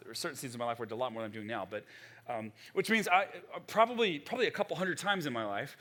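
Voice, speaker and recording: A middle-aged male pastor preaching a sermon in a conversational, animated way, with frequent restarts. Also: medium pitch.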